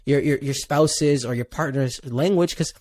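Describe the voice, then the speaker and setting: A man's voice: medium pitch, moderate pace, darkish tone. A man hosting a podcast, earnestly sharing personal advice with listeners. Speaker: podcast host. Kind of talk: casual podcast interview.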